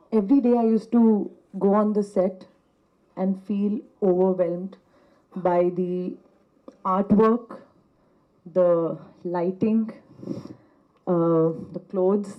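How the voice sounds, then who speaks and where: A young actress from Punjab, giving a grateful, effusive stage speech at a press event, laughing between phrases. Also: female voice, mid-range voice. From Punjab, India. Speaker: actress at a trailer launch. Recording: dull lo-fi event audio.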